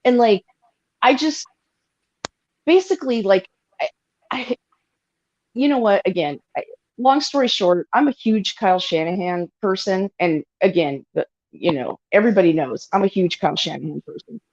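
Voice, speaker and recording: A woman co-hosting a casual sports chat, rambling and animated, swearing freely and filling with "like". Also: mid-range voice, normal speed, pauses often, dry recording, muffled recording. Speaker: podcast co-host.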